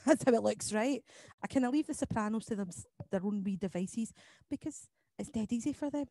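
A woman leading an online choir lesson, explaining each part and counting beats aloud between quick sung demonstrations. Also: a little high, warm tone, no echo. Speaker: choir leader. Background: piano accompaniment.

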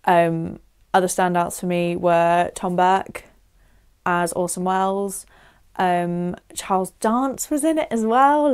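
A woman's voice: medium pitch, takes it slowly, darkish tone, smooth. A young woman, chatting effusively to camera as she reviews a film, with frequent "like" fillers.

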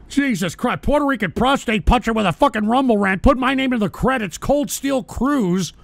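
A man hosting a livestream, reading viewer donations and swearing at his chat, often shouting angrily. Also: extremely high pitch, animated, moderate pace, vocal fry, few pauses, no echo. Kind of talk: profane livestream rant.

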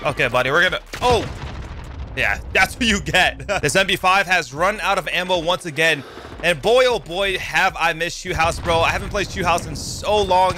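A young man giving excitable live commentary over his own gameplay, yelping and swearing as the fights heat up. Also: on the high side, noisy background. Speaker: gaming YouTuber. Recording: game gunfire loud under the voice.

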